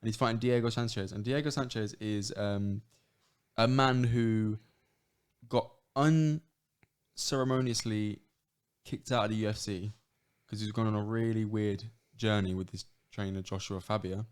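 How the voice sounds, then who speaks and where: A man's voice: lowish voice, fairly even intonation, unhurried, smooth. A man co-hosting a podcast, bantering casually and calling people "bro". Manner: laid-back banter, says "bro" a lot. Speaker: podcast co-host. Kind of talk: casual chat.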